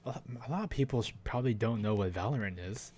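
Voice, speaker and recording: Young male co-host, low-ish voice, easygoing and teasing. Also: animated, fast talker, a little mellow. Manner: laid-back, teasing, hesitant. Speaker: podcast co-host. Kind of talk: casual gaming chat.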